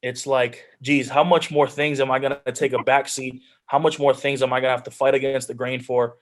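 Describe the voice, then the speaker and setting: He's a young adult and pro football player, guest speaking on a video call about his own life. His medium-pitched voice stays level and runs a touch fast. Earnest and heartfelt, he keeps restarting sentences and leaning on "like."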